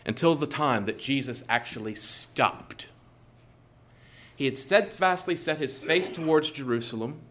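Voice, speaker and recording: A man preaching a sermon in a measured, emphatic way, repeating key phrases for stress. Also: medium pitch, fairly bright tone.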